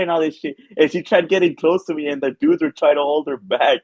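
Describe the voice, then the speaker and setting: A man's voice: fairly high pitch, lively intonation, fast talker, creaky, darkish tone, husky, no echo. A young man, a podcast co-host, telling a rambling, filler-heavy story in casual chat. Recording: dull lo-fi sound.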